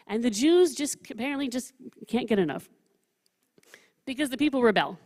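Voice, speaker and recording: A woman rabbi gives a relaxed, joking lecture, her voice sitting a little high for a woman. Quotes come out animated and emphatic, and the sound rings with the long reverb of a large hall. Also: a little fast. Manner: chatty, humorous, reads quotes with animated emphasis. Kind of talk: study session lecture. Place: synagogue hall.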